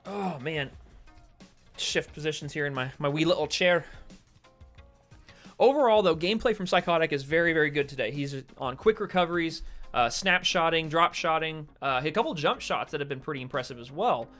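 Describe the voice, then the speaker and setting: A young American man giving solo esports-style play-by-play of a shooter game from his streaming chair, getting excited on big plays. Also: a little high, brisk, faint music behind. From United States. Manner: excitable play-by-play, chatting with stream viewers between calls. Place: home streaming setup, seated in a chair.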